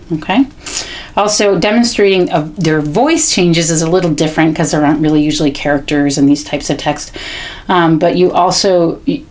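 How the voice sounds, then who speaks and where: A woman teaching parents how to read aloud to children, chatty and explanatory with frequent "um" and "okay?" check-ins. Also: sits low. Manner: reads sample text slowly with stressed words. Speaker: literacy educator. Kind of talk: instructional video demonstrating read-alouds.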